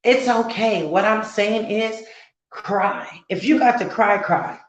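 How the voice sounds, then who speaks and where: A woman's voice: mid-range voice, takes it slowly, roomy sound, slight background noise, low-quality recording. A woman co-hosting a casual heart-to-heart talk as a mother, earnest and growing fervent and preachy, repeating words for emphasis. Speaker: co-host, mother.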